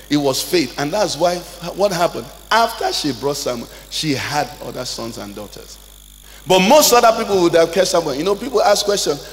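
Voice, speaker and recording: A Nigerian man, a pastor, preaching a sermon, swinging between loud, high calls and low, quiet asides. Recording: church hall reverb, faint noise.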